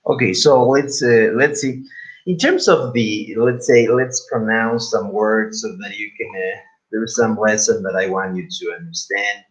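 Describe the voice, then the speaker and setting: A man with a Spanish accent teaches English pronunciation in a class, his slightly low voice full of fillers and restarts. He repeats words as he works through examples. The recording is muffled and lo-fi. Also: measured pace. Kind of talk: live class instruction. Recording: dull lo-fi recording.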